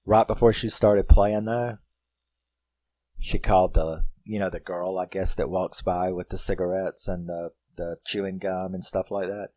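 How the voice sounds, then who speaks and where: A man's voice: low voice, fairly even intonation, unhurried, mellow, no echo. Rambling, foul-mouthed man recapping a film. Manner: rambling and profane, full of "like" and "you know". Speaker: film reviewer. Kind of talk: casual spoken film recap.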